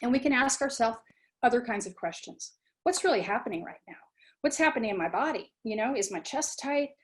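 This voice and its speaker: A woman giving a talk on mindfulness, animated, acting out students' inner voices and often asking "right?" and "you know". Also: on the high side, fairly quick. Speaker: guest speaker on mindfulness. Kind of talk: talk to a webinar audience.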